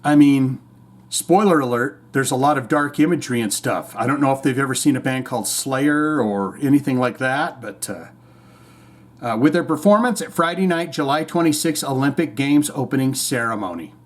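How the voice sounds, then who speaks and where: Here a male podcaster delivers loose, irreverent takes on current events, peppered with plenty of cursing. He speaks at an ordinary pace in a medium-pitched, animated voice.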